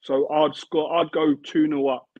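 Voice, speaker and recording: A former football player in his thirties speaks earnestly as a guest in a casual interview, repeating himself as he builds toward a point. His voice sits fairly high with little pitch movement, a measured pace and a darkish tone. It comes over a tinny, phone-like remote line, dry with no echo.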